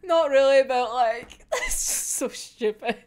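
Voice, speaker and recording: A young woman reacting to a comic chapter, laughing constantly and swearing freely. Her voice sits high and swings widely in pitch. She talks at an unhurried pace. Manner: giggly, sweary, animated. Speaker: manga reviewer.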